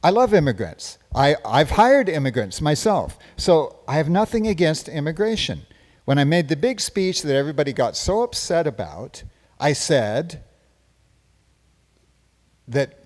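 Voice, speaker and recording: A man's voice: a little high, darkish tone. A man playing a boastful, rambling hippie president in a live one-man stage parody, taking questions from the audience. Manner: boastful, rambling, self-praising. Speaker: stage performer in a one-man comedy show. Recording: long reverb from a live stage.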